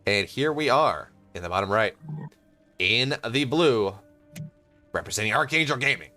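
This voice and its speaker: A young man casting a live game, rambling and self-interrupting, quick to laugh. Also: mid-range voice, lively intonation, pushed and bright, faint music behind. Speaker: esports caster.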